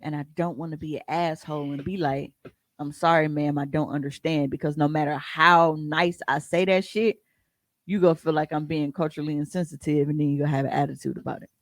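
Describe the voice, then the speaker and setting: A podcast co-host telling stories in a casual, profane and animated way, often breaking into laughs. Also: mid-range voice, fast talker, no room sound. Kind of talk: casual storytelling chat.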